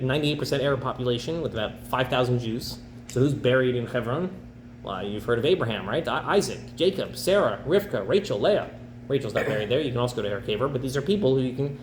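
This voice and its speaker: Animated rabbi in an echoey room. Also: male voice, medium pitch, slight background noise. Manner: animated, acts out characters in quick bursts. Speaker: rabbi teaching a class. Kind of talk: lively storytelling lecture. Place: campus center classroom.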